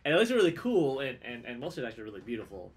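A man's voice: medium pitch, big pitch swings, racing, crowd noise. A man chatting casually on a livestream, easygoing and rambling, with many fillers. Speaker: streamer co-host.

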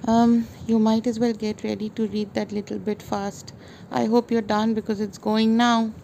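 A woman's voice: on the high side, little pitch movement, normal speed, creaky, music in the background. A woman narrating her own travel and food vlog in a chatty, self-mocking way. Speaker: vlogger. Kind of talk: casual voice-over narration.

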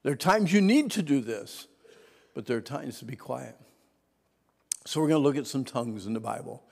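A man preaching a Sunday school sermon to adults, teens and kids, swinging from hushed whispers to shouts and having the audience repeat words after him. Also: mid-range voice, expressive, moderate pace, gravelly, husky. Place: church hall. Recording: long reverb of a church hall.

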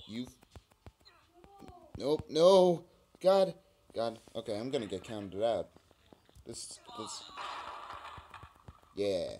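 A man's voice: medium pitch, darkish tone, a little hiss or hum. Trash-talking young man playing a phone game. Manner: trash-talking, taunting, swearing. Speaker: mobile game let's player. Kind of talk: let's play commentary. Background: screen tapping clicks.

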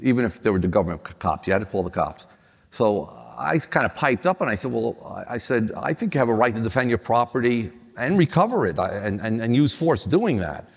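Older male panelist, anecdotal, halting delivery, mid-pitched voice, long hall reverb. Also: very animated, vocal fry, husky. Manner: rambling, many restarts, chuckles at own stories.

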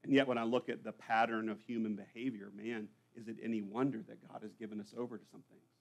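A man's voice: on the low side, level tone, quick pace, vocal fry. A man preaching a sermon to a church congregation, conversational and full of rhetorical questions. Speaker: pastor. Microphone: live church recording.

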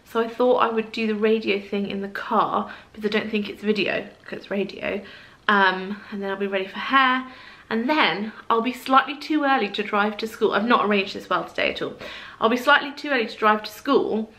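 A woman's voice: mid-range voice, fairly quick, pushed and bright, low-quality recording. A woman chatting casually in her vlog, rambling and poking fun at herself. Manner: chatty, rambling, self-deprecating. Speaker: vlogger.

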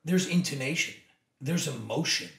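A man's voice: mid-range voice, expressive, moderate pace, a bit bright, recorded from a distance. Emphatic, persuasive man in an echoey room. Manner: emphatic, persuasive, acts out quoted dialogue. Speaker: podcast guest, company co-founder. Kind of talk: energetic conversational interview.

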